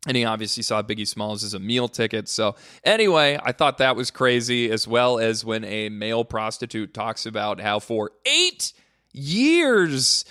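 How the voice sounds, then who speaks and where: An American man hosting a casual solo podcast, swearing freely and jumping into high-pitched exclamations. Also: a bit bright, clear, resonant tone, dry recording, studio quality. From United States. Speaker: podcast host.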